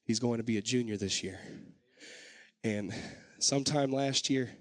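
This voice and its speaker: A man preaching a sermon, moving between loud, fervent exhortation and quiet, personal storytelling. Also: mid-range voice, a little slow. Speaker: pastor.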